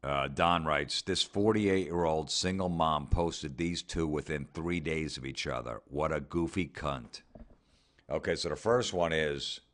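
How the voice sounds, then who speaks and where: A comedy podcast host with a low, fairly bright voice delivers a profane rant, a little slowly. He's sarcastic and mocking, swears heavily, and mimics people in put-on voices throughout his commentary.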